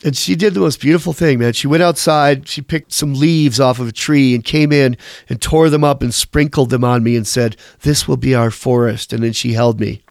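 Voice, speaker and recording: A man in his fifties, a former band bassist, telling candid, profane stories in a rambling interview. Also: a little fast, dry recording, clean studio sound.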